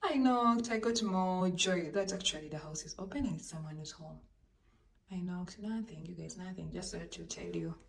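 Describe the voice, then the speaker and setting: A woman tells a storytime to her viewers, animated and dramatic, holding a phone that sits a little away from her mouth. The room around her rings with echo, and a faint hiss runs underneath. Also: fairly low pitch, normal speed, gravelly, recorded from a distance. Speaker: vlogger telling a story. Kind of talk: casual storytime vlog. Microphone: handheld phone. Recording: roomy echo, voice off-mic, faint background noise.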